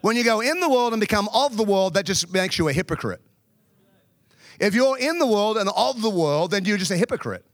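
A man with a notably high voice preaches a sermon, speaking straight to his congregation and telling humorous stories from his own life. The sound is dry and close, with almost no room echo. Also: lively intonation, brisk. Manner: humorous storytelling, addresses the congregation.

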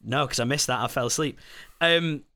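A man's voice: mid-range voice, bright, forceful tone. A man co-hosting a casual film podcast, often restarting his sentences as he talks. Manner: halting, repeats words when starting. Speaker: podcast co-host. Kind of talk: casual film review chat.

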